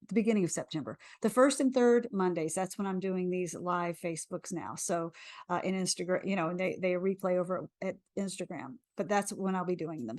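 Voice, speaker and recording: Calm woman guiding tapping affirmations. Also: mid-range voice, dry recording, clean studio sound. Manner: slow soothing affirmations, then chatty. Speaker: tapping coach. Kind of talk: guided affirmations then casual sign-off. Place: live video stream at home.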